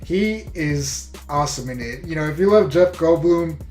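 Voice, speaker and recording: A man's voice: a little high, expressive, normal speed, darkish tone, soft background music. Chatty man reviewing a movie, echoey room. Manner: enthusiastic, full of "you know" and "like". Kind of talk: casual spoken review.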